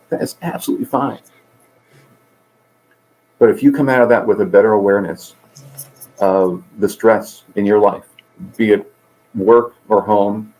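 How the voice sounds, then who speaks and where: A man's voice: on the low side, a little mellow, rough recording. A middle-aged man speaking earnestly in an interview, telling stories and voicing the people in them. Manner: earnest, tells stories with voiced characters. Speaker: guest, peer support coordinator. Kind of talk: conversational interview.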